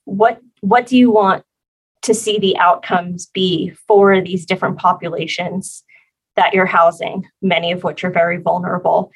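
A woman guest on a podcast interview, explaining her work as a facility planner in a measured way. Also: fairly low pitch, fairly even intonation, husky, poor audio.

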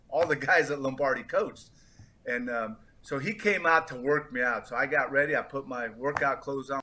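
A middle-aged Californian who used to play football guests on a podcast, telling stories in a medium-pitched voice. He's an animated storyteller who acts out the voices of the people he quotes.

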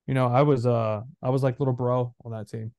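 A man in his thirties, a former player co-hosting a podcast, talking in an animated, rambling way with lots of fillers. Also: medium pitch, brisk, no room sound. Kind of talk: casual chat.

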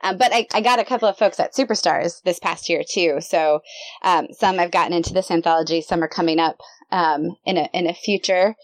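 A woman author chatting as a guest on a podcast, telling stories in a bubbly, animated way. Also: on the low side, brisk, no room sound. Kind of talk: casual podcast chat.

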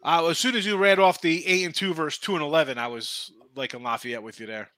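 A man's voice: a little high, quick pace, pushed and bright, dry recording. A man hosting a sports betting show, rambling in casual talk and often repeating himself.

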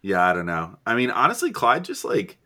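A man's voice: mid-range voice, wildly swooping pitch, brisk, a crowd in the background. A young man co-hosting a casual sports podcast, rambling and laughing as he reads listener questions. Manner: loose, laughing, rambling with many fillers. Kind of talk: casual chat.

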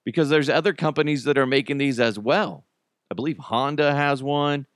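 A man's voice: medium pitch, moderate pace, fairly bright tone, no echo, studio quality. A man hosting a podcast in a casual comedic monologue, joking and often laughing. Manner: jokey, laughs often, restarts. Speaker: podcast host.

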